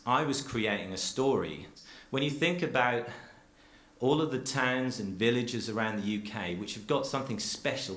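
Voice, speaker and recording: A dairy farmer and cheesemaker giving an earnest, rambling public talk full of restarts, speaking from a theatre stage. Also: male voice, lowish voice, a bit bright, roomy sound.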